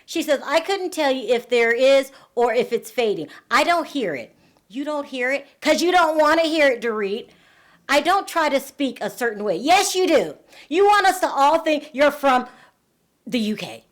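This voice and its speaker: A woman's voice: high voice, sing-song, moderate pace. A woman hosting a celebrity gossip commentary, sarcastic and indignant, often exclaiming at what she reads out. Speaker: reality TV commentary host.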